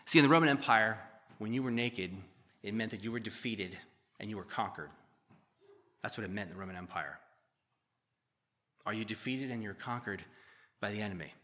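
A middle-aged man preaching a sermon as pastor, conversational and joking, asking the church questions and swinging between loud emphasis and quiet asides. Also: fairly low pitch, a little fast, long pauses. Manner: conversational, asks the congregation questions.

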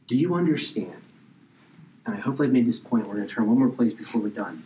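A man preaching a sermon, reading scripture slowly and explaining it in casual asides, now and then dropping almost to a whisper. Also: mid-range voice, darkish tone, recorded from a distance, low-quality recording. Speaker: pastor.

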